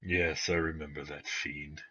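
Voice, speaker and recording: A man's voice: extremely low pitch, flat delivery, measured pace, pushed and bright, slightly rough, no echo, exaggerated voice. A man voicing a formal, courteous male town official who speaks in old-fashioned phrasing. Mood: measured. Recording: dull lo-fi sound.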